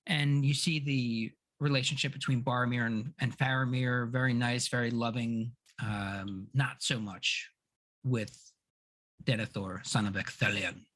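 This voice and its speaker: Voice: medium pitch, steady tone, measured pace, a bit bright, no echo. Easygoing podcast co-host recapping. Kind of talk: casual chat.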